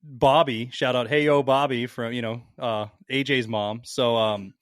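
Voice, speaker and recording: A man co-hosting a podcast, telling stories in loud, heated rants with heavy swearing. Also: medium pitch, fairly even intonation, measured pace, smooth, no echo, studio quality. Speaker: podcast co-host. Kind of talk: casual podcast banter.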